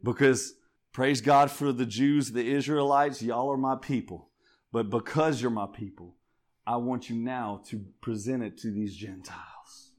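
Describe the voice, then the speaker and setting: Taking his time, a male pastor with a mid-range voice preaches call-and-response style to the congregation. He works up to fervent shouts at the sermon's high points.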